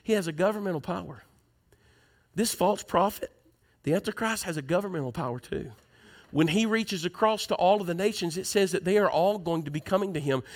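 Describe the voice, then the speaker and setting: A male pastor preaching a sermon, moving from conversational teaching to loud, emphatic preaching. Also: high voice, fairly quick.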